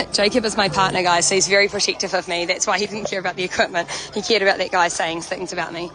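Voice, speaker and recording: Her lowish voice moves at a quick pace with fairly even intonation, captured in low quality. The livestreamer chats casually to her audience from an outdoor protest camp, phone in hand, with a crowd and music behind her.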